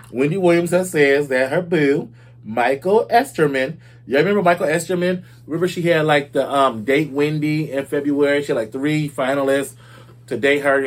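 Chatty man dishing celebrity gossip. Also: mid-range voice. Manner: chatty, addresses listeners as y'all and baby. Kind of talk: casual gossip commentary.

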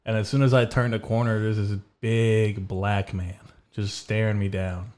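A man's voice: fairly low pitch, little pitch movement, normal speed, darkish tone. A man hosting a podcast, telling rambling, crude stories in casual chat with lots of fillers. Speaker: podcast host.

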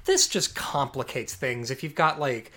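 A man casually reviewing a film with a friend, animated and sarcastic, swearing often. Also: medium pitch, unhurried. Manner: animated, sarcastic, swears, puts on mobster voices. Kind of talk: casual movie review chat.

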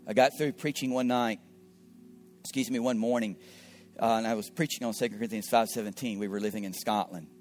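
A middle-aged male pastor tells a story in an earnest sermon voice. He repeats words as he searches for them and sometimes drops to quiet asides. Soft guitar plays faintly behind him. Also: fairly low pitch, fairly even intonation, brisk. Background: faint guitar music.

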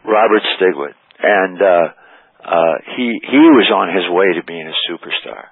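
Low husky older man on a phone line. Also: moderate pace, no room sound. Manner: rambling anecdotes with many fillers. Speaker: interview guest, rock musician. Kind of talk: storytelling interview.

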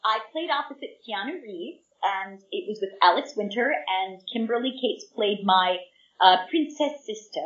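A woman's voice: mid-range voice, animated, normal speed, fairly bright tone. A woman in her fifties, a guest actress chatting eagerly in an interview and speaking straight to young listeners. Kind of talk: casual interview chat. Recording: roomy, distant, dull remote line.

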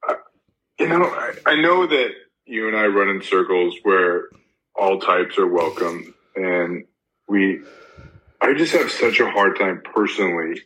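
A man co-hosting a podcast in casual chat, earnest and halting as he talks. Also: deep voice, animated, pushed and bright, poor audio. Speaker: podcast co-host.

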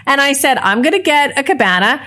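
A woman in her thirties co-hosting a podcast, telling a story in a heated, animated way and acting out the other people's words. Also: sits high, fairly quick. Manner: ranting, animated storytelling with quoted voices. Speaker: podcast co-host. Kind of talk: casual chat.

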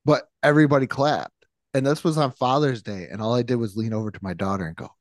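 A man's voice: mid-range voice, animated, fast, dry recording. Chatty man laughing through stories. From New York. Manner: chatty and rambling, laughs often, acts out quotes. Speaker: podcast co-host. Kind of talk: casual chat.

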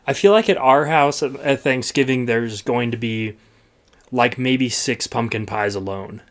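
A man co-hosts a podcast in a chatty, rambling manner, leaning on filler words as he talks. His voice sits in a middle pitch for a man, and the delivery stays loose and conversational. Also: unhurried. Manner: chatty, uses many fillers. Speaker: podcast co-host. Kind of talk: casual chat.

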